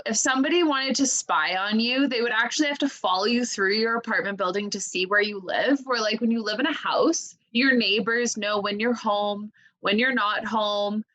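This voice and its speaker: Bright-voiced young woman chatting. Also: a little high, highs cut off. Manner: chatty, full of "like" and "you know". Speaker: podcast co-host. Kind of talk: casual chat.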